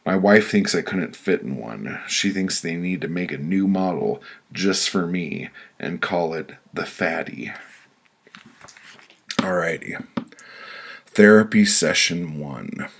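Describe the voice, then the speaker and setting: A man reading his own prose poems aloud as an audiobook, blunt, profane and deadpan. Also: low voice, takes it slowly, creaky, a little hiss or hum.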